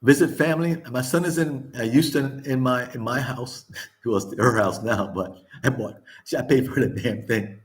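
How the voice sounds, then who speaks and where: An older man hosting a casual chat, talking candidly, laughing often, swearing and repeating himself. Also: on the low side. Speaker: vlog host.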